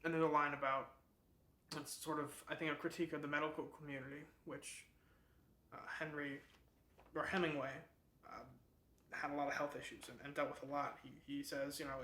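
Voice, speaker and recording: A man hosting a book club gives a loose, rambling summary. His voice is bright and a little high. The room has a lot of echo. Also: little pitch movement, fairly quick, pauses often. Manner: rambling, lots of fillers and restarts.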